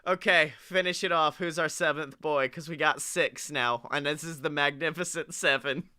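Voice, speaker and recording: A man co-hosting a comedy podcast, riffing excitedly and swearing often. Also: a little high, moderate pace, clean tone. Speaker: podcast co-host.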